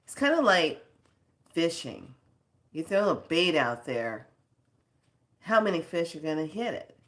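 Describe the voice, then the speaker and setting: A woman's voice: deep voice, sing-song, measured pace. A woman hosting a spiritual video channel, scolding her viewers in casual talk, rambling off on tangents and laughing between stories.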